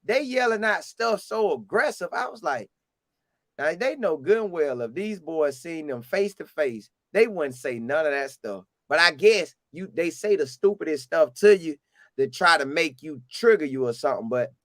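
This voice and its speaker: Casting note: animated Southern storyteller, a man with a high voice, recorded dry and close. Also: moderate pace, no room sound. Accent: Southern US, Florida. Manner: animated, acts out quotes in a higher voice. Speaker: storyteller recounting a game visit. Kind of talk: casual storytelling.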